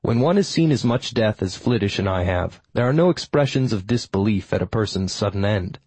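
A man's voice: fairly low pitch, animated, fairly quick, darkish tone, breathy edge, no echo. A man narrating a first-person audiobook in a dry, wry storytelling manner.

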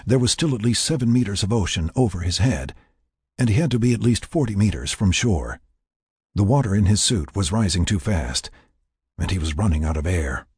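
A man narrating a tense story in a measured, scripted way with a raspy voice. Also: on the low side, expressive, a little mellow, dry recording, clean studio sound.

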